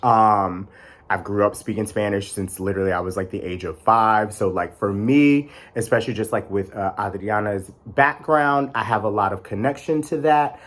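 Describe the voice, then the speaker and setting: A man's voice: fairly low pitch, normal speed, fairly bright tone. A young man with a chatty, rambling manner and playful sassy asides, talking casually as a vlog host. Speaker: tarot deck reviewer.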